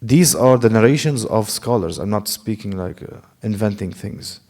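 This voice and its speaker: A man teaching Quran recitation in a class lecture. He asks questions and answers them himself, and he demonstrates Arabic sounds slowly and step by step. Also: lowish voice, lively intonation, a little mellow.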